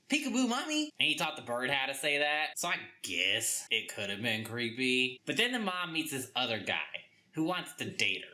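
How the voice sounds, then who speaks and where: A young man with a Southern US accent ranting through a comic book review, exasperated and acting out characters in quick voices. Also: mid-range voice, sharp tone.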